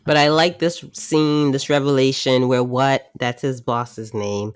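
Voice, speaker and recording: A woman podcast host recaps a TV episode in a relaxed, chatty way, full of wry asides and "like." She talks at an unhurried, slow pace. Her voice sounds dry and close, with no room echo. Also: very deep voice, clean tone. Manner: chatty, wry, says "like" often. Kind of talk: casual drama recap commentary.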